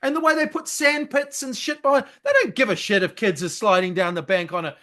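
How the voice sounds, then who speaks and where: Excitable high-voiced New bloke. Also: male voice, brisk. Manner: excitable, loud, swears freely, mimics people. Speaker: podcast co-host. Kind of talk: casual sports chat.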